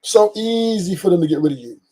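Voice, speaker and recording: A man with a warm, mellow voice sits at the mic hosting his own commentary show. He speaks in a preachy, emphatic way and repeats his main lines for effect. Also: high voice, lively intonation, brisk, slight background noise. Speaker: host. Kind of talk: opinion commentary.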